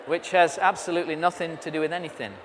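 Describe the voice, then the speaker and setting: A man's voice: fairly high pitch, noisy background. A British man preaching at a convention, telling stories with humor as he walks about. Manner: storytelling with humor, walks around while speaking. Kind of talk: sermon. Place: large convention hall. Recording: reverberant hall.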